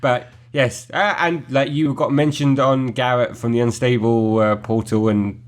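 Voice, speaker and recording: A man's voice: mid-range voice, fairly even intonation, a little slow. A young man co-hosting a casual gaming podcast, rambling and laughing, with casual swearing. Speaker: podcast co-host.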